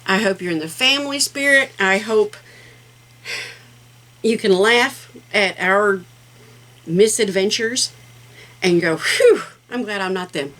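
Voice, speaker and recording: A woman's voice: mid-range voice, slow pace, long pauses, fairly bright tone, low-quality recording. A middle-aged woman hosting a casual craft vlog, talking in a rambling, heartfelt way with plenty of fillers. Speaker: craft channel host.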